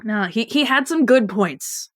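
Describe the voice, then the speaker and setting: A woman's voice: fairly high pitch, expressive, measured pace, no room sound, clean studio sound. A woman co-hosting a podcast, recapping a TV episode in a chatty, rambling way with restarts and laughs. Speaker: podcast co-host. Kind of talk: casual TV recap chat.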